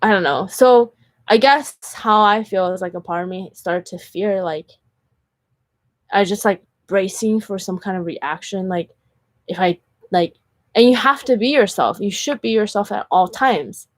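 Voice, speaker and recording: A woman's voice: mid-range voice, a little slow, no room sound. Chatty woman vlogger, dry sound. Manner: chatty, heavy use of "like" fillers; earnest and candid. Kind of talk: casual storytelling vlog.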